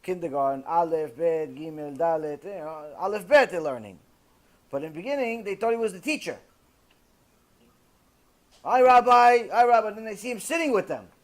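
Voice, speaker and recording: A rabbi lecturing with a high-pitched voice. He tells his story in an animated, lively way and acts out each exchange of dialogue. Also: brisk.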